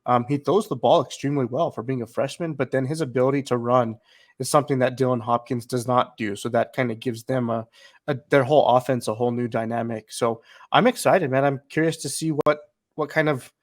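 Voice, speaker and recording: A man co-hosting a sports podcast, breaking down a quarterback with upbeat, casual analysis. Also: medium pitch. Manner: upbeat analytical, says "like" and "kinda". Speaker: podcast co-host.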